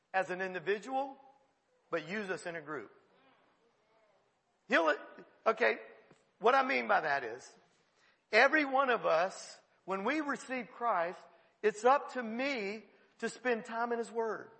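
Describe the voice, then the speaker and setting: Preaching in a big hall whose long reverb lingers behind him, a male pastor spins a funny story with lots of animation, his tone high, gravelly and bright. He goes a little slowly and pauses often, frequently cracking up partway through a sentence.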